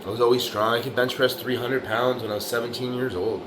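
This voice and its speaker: A bricklayer vlogger in middle age talks quickly in a mid-range voice with fairly even intonation, noise audible behind him. His rambling motivational monologue is blunt and tough, laced with swearing and the refrain "you know, right?"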